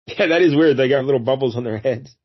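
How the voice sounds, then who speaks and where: A man's voice: medium pitch, fast, dull audio. A man hosting a casual comic book review, talking in a rambling way with many fillers and restarts. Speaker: podcast host.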